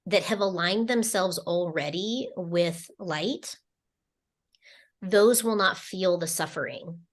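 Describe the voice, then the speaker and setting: A woman speaks slowly and unhurriedly on a spiritual podcast, relaying channeled messages. Her voice sits a little low. She meanders through her thoughts with many fillers and restarts. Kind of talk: casual spiritual podcast talk.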